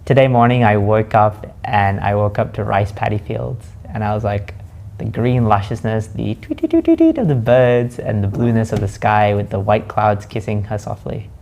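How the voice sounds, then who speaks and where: A man hosting a reflective spoken monologue, slowly musing and asking himself questions aloud. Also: fairly low pitch, animated, creaky, a little mellow. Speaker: host.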